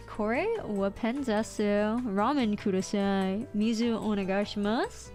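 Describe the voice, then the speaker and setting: Excitable American woman streamer, high voice, casual chat over soft background music. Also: measured pace. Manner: excitable and playful, squeaky outbursts. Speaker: VTuber streamer. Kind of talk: casual livestream chat, reading chat aloud.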